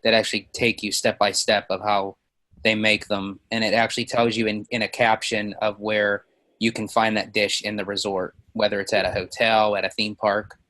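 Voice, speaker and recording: A man co-hosting a podcast, chatting casually in a measured, slightly hesitant way. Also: fairly low pitch, little pitch movement, sharp tone, no echo. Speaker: podcast co-host. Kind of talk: casual chat.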